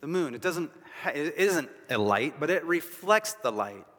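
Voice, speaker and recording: A man's voice: a little high, big pitch swings, moderate pace, a bit bright. A man preaching a sermon as pastor, emphatic and repeating phrases for stress, with casual asides to the congregation. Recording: long reverb of a large hall.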